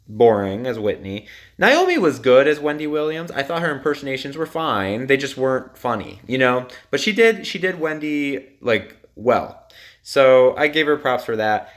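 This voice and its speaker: A young man giving a casual, opinionated recap of a TV episode, chatty and full of ums and likes. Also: medium pitch. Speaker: TV recap reviewer.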